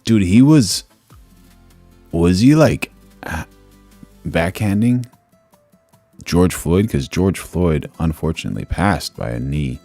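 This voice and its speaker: A man's voice: sits low, lively intonation, takes it slowly, pauses often, warm tone, dry recording, faint music behind. A man hosting a live reaction stream, talking in a laid-back, rambling, slangy way into a streaming mic. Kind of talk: casual live-stream commentary.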